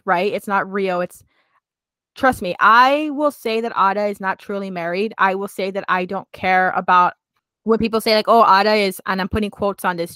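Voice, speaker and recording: A woman's voice: medium pitch, fairly bright tone, smooth, no room sound. A woman co-hosting a casual chat, recapping a drama with gushing emotion and constant "like" fillers. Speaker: co-host.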